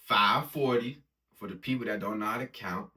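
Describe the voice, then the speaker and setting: A man's voice: lowish voice, normal speed, sharp tone. A man casually talking through his trades in a hype, slang-heavy way, explaining risk and reward step by step. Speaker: forex trading vlogger. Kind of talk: casual screen-recorded trading vlog.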